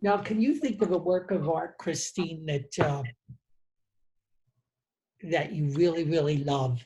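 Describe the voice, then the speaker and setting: A man's voice: on the high side, measured pace, warm tone. A man co-hosting a casual talk, who often repeats words as he searches for what to say. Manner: hesitant, repeats words while searching for them. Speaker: co-host, PR professional. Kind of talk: casual conversation.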